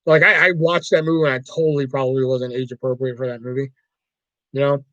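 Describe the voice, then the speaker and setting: A man's voice: mid-range voice, little pitch movement, quick pace, a bit bright, no echo, highs cut off. A man hosting a livestream, chatting casually about movies in a rambling, profane way. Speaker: livestream host.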